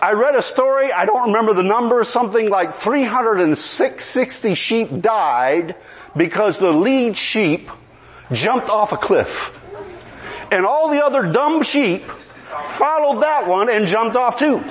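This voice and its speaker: A man's voice: very high-pitched, a little slow. A man preaching a sermon, telling a funny story and then building into emphatic preaching, with a congregation answering him. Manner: animated storytelling with humor, rising to emphatic preaching. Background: congregation responding.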